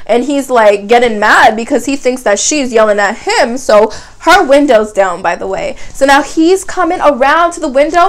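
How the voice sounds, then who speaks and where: A woman's voice: sits high, moderate pace, hardly any pauses. Chatty young woman telling a story. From Canada. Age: young adult, 18. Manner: chatty, dramatic retelling with frequent "like". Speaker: vlogger. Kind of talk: casual storytime.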